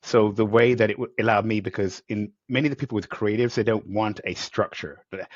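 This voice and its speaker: Male podcast host, lowish voice, enthusiastic and rambling, dry dull remote sound. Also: steady tone, a little fast, few pauses, no room sound. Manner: enthusiastic, rambling, acts out quotes. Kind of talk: conversational interview.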